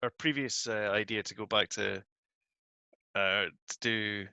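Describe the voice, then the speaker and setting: Gravelly bright-voiced man. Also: lowish voice, fairly even intonation, unhurried, no room sound. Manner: chatty, laughs easily, restarts words. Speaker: podcast co-host. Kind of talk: casual chat.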